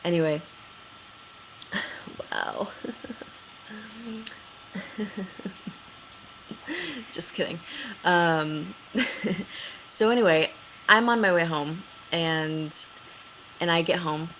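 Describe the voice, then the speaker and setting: A young woman vlogging, telling a story casually with lots of fillers and acting out her own panicked lines in a higher voice. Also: very slow, pauses often, a little hiss or hum, low-quality recording. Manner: chatty, excitable, many fillers, acts out her own panicked quotes in a higher voice.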